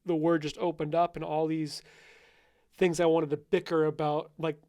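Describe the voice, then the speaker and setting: A man with a fairly high voice hosts a casual podcast interview. He talks in a loose, conversational way and laughs and chimes in often. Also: flat delivery, normal speed, warm tone. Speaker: podcast host.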